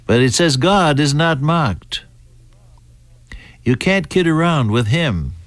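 Deliberate American preacher, dry sound. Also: male voice, fairly high pitch, lively intonation, dry recording. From United States. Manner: deliberate, halting, with fillers and restarts. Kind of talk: radio Bible teaching.

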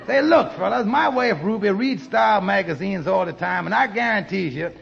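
A gravelly teasing friend. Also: male voice, sits high, animated, normal speed, a bit bright, some chatter behind, heavily acted. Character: teasing plainspoken male friend. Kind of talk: 1940s radio acting. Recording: muffled old radio broadcast.

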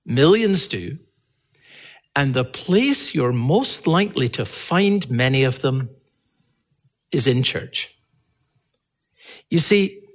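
A man delivers a sermon from the pulpit, his pitch sitting a little high. His voice rises to emphatic peaks and falls back low. He speaks slowly and earnestly. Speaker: pastor.

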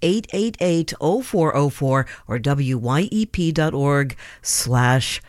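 A man hosting a live radio pledge drive, making urgent, animated appeals for donations. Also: a little high, slow, no echo, studio quality. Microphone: studio microphone.

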